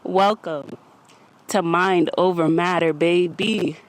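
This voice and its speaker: A woman's voice: on the low side, fairly even intonation, slow. Woman host, chatty motivational monologue, slightly winded, recorded outside. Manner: chatty, repeats "you get me?". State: a little out of breath. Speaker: podcast host. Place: outdoors.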